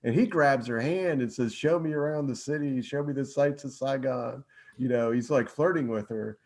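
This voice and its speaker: A man who wrote a history book, retelling events in a halting casual chat with many repeated words. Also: medium pitch, a little mellow, rough recording. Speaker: author guest.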